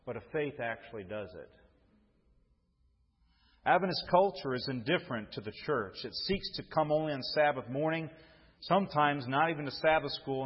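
A man's voice: mid-range voice, breathy edge. A male pastor preaching a sermon to his congregation, calling for responses and repeating phrases as he goes. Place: church sanctuary. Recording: long hall reverb, dull muffled sound.

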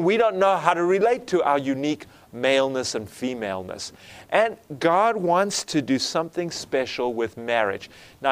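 A man preaching a sermon in an earnest way, often asking the congregation for an amen. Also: fairly high pitch. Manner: earnest, asks the congregation for amens.

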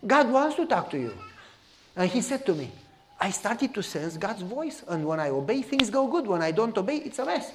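A man's voice: high-pitched, moderate pace. A man with a Romanian accent preaching a sermon, telling stories and often asking "You follow me?". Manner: animated, repeats "You follow me?". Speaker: pastor. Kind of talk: sermon storytelling.

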